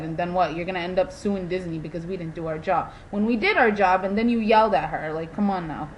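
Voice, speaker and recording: A young woman venting in a casual vlog, telling animated stories with lots of "like" and an exasperated tone. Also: fairly low pitch, fairly quick, few pauses, slight background noise, poor audio. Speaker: vlogger.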